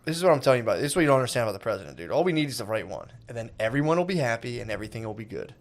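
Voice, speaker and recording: A man's voice: mid-range voice, sing-song, rapid-fire. Sarcastic dude-saying man. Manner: sarcastic, says dude a lot, mock earnest. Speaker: podcast co-host. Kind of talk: casual comedy podcast banter.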